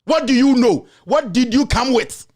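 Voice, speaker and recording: A man's voice: extremely high pitch, animated, moderate pace, a little mellow. A man with a Ghanaian accent hosting his own show, delivering an angry, scolding political rant full of repeated insults. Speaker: political commentator and show host.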